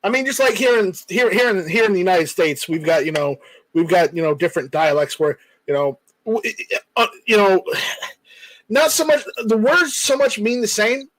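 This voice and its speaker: A man with a high-pitched voice hosts a casual stream, reading out chat comments and going off on joking tangents. The sound is dry and close, with no room around it. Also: normal speed, a bit bright, no room sound, rough recording. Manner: rambling, joking, reads viewer comments aloud. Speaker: livestream host reading chat.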